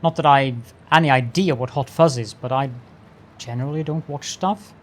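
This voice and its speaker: Speaking at normal speed in a mid-range voice, a man streams a factory-building game and chats with his viewers. He greets them with mock-formal politeness and narrates each step to himself in a playful way.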